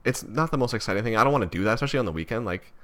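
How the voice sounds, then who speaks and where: Young man, vlogger, from Canada, low-pitched, rambling, self-critical, many restarts. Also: lively intonation, rapid-fire, fairly bright tone. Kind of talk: reflective personal vlog.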